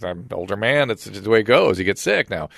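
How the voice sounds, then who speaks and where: A man's voice: fairly low pitch, creaky, dry recording, clean studio sound. A middle-aged man, a podcast host and physician, telling a personal story in casual conversation and acting out the voices of the people in it. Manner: brisk, animated retelling with quoted dialogue.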